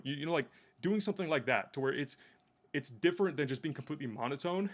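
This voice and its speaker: A man's voice: fairly high pitch, lively intonation, quick pace. A young man in casual chat, coaching a coworker on sales, swearing freely and making his points bluntly. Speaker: sales rep.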